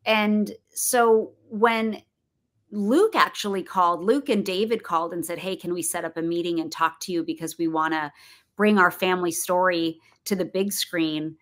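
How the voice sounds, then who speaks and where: A woman's voice: on the low side, moderate pace. A middle-aged woman talking casually as an interview guest, chatty, with frequent fillers, restarts and laughs. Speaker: guest actress and producer.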